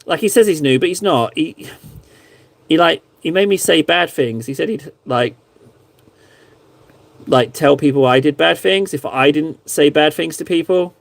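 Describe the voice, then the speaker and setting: A man's voice: fairly high pitch, a little slow, creaky, pauses often, no room sound. Playful rambling man with a dry close mic. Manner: rambling, self-mocking, playful. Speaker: streamer reviewing viewers' miniature paintings. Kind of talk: casual live-stream chat.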